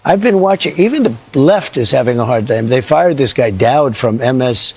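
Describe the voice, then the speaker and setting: A man's voice: medium pitch, expressive, moderate pace, gravelly, darkish tone. An older male politician giving off-the-cuff remarks in a rambling, repetitive, blunt way.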